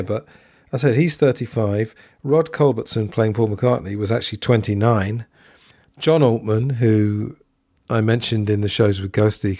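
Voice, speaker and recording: A man's voice: on the low side, darkish tone, no echo, studio quality. A man hosting a solo podcast, talking in a chatty, digressive way and often correcting himself. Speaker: podcast host.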